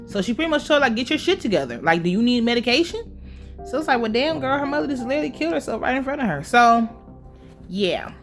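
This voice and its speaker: A woman's voice: fairly high pitch, quick pace, faint music behind. Sassy, cursing woman recapping a show. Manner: sassy, animated, swears freely, mock outrage. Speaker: TV recap reviewer. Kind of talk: casual, profane episode recap.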